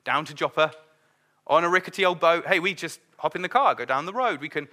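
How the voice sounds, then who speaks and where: Middle-aged man, sermon, conversational, acts out quotes; high, bright voice. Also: brisk. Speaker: preacher.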